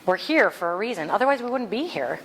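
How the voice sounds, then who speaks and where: A woman minister giving a sermon, telling stories with animated, acted-out quotes. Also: mid-range voice, fast, a little hiss or hum, poor audio. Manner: animated storytelling, acts out quoted voices.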